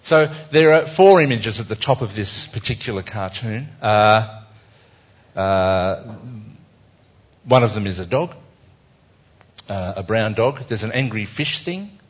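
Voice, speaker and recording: A man's voice: lowish voice, animated, unhurried, long pauses. A man with an Australian accent, a cartoonist talking an audience through his cartoons in a wry, chatty, self-mocking way. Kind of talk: casual live talk to an audience. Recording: dull lo-fi recording.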